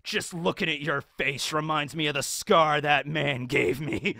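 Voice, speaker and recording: A man's voice: a little high, fairly even intonation, unhurried, creaky, sharp tone, heavily acted. A man voicing a gleeful, pompous noble swordsman king with a hammy, taunting delivery. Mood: grave.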